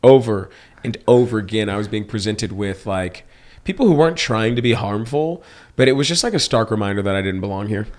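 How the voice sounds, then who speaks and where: A young man from Texas, co-hosting a podcast, telling personal stories in a lively, joking way. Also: brisk. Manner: animated storyteller, swings into high mocking voices for quotes. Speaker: podcast co-host. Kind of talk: casual chat.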